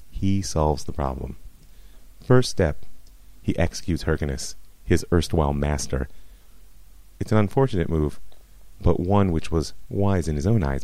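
A man's voice: deep voice, warm tone, dry recording, rough recording. A man teaching Jewish history as a rabbi, telling it as a story with wry asides, on a close mic. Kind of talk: recorded history lecture.

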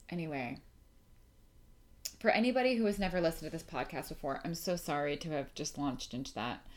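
A young adult woman hosting her own podcast from home, chatting casually and emotionally, rambling with fillers and restarts. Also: on the low side. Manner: rambling, emotional, lots of fillers and self-interruptions. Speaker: podcast host. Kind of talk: casual solo podcast chat.

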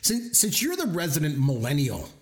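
Brief: middle-aged male co-host, playful dad-joke type, lively pitch. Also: moderate pace. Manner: jokey, playful, tells dad jokes. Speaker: podcast co-host. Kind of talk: casual chat.

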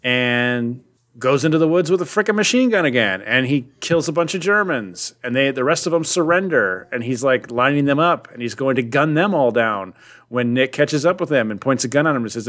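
A man's voice: medium pitch, animated, fairly quick, a bit bright. A man co-hosting a casual podcast about comics, animatedly retelling a story with lots of ums. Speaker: podcast co-host.

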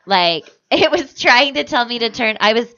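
A young woman with a bright, forceful voice tells rambling stories in relaxed podcast banter, cursing casually. The audio is dull and lo-fi. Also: a little high, moderate pace. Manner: rambling storyteller, swears casually. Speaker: podcast co-host. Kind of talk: casual comedic chat.

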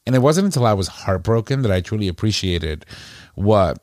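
Low-voiced man musing in casual chat. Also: expressive, a little fast, a little mellow, dry recording, studio quality. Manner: reflective, conversational. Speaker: podcast co-host.

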